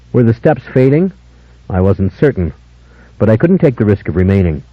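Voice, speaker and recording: A man narrating an unabridged audiobook in a measured, dramatic first-person style. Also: fairly low pitch, animated, no echo. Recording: dull lo-fi older audiobook, dry.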